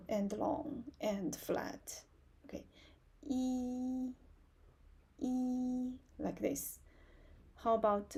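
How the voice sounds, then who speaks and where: Slow, patient woman teaching Chinese. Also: medium pitch, vocal fry, dark tone, slightly rough. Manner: slow, patient, repeats words for learners to copy. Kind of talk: live online beginner lesson.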